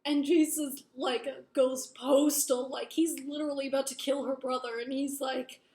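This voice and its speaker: A woman's voice: high-pitched, little pitch movement, moderate pace, a little mellow. A young woman casually recapping a book plot, rambling with lots of fillers and swearing. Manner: rambling, filler-heavy, profane. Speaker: book reviewer. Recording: roomy echo.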